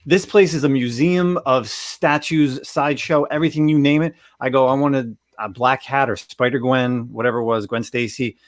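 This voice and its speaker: A man from New Jersey co-hosting a casual comics chat show, ranting in a quick, exasperated way. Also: mid-range voice, steady tone, dry recording, studio quality. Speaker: podcast co-host.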